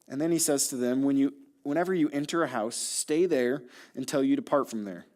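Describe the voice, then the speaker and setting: A young adult man preaching a sermon as pastor, telling Bible stories with lively acted-out dialogue. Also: medium pitch, moderate pace. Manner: animated storytelling, acting out voices of Jesus and listeners.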